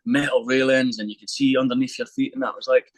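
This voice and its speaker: Fast-talking man telling a story. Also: medium pitch, low-quality recording. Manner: swearing, animated anecdote with quoted voices. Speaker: podcast guest. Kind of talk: casual storytelling.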